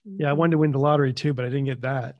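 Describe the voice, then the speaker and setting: A man's voice: medium pitch, fairly even intonation, very fast, dry recording, highs cut off. A man hosting a podcast, chatting casually and joking, often acting out imagined dialogue in quoted asides. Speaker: podcast host.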